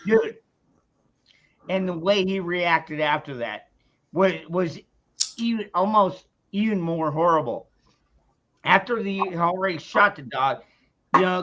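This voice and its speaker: On a casual livestream, a male streamer rants angrily and profanely, stumbling and restarting as he goes. His voice is high and a bit bright, unhurried with frequent pauses, and the lo-fi recording sounds dull.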